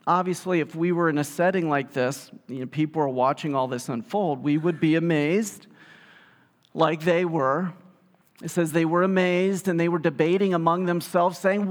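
A male pastor preaching a sermon in a conversational, animated storytelling way, with casual asides. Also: a little high, normal speed. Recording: reverberant hall sound.

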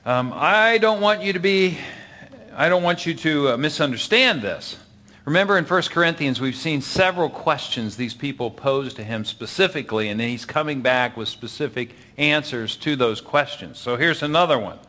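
A man's voice: fairly high pitch, normal speed, pushed and bright. A man teaching a Bible lesson, explaining patiently and checking in with his listeners, often dropping his voice for effect. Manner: explains patiently, asks the audience for agreement.

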